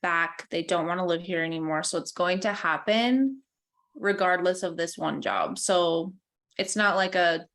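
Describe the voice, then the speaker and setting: A woman's voice: fairly low pitch, unhurried, a bit bright. A woman in her thirties co-hosting a podcast, talking in an easygoing, sincere, rambling way. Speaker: podcast co-host. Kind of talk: casual chat.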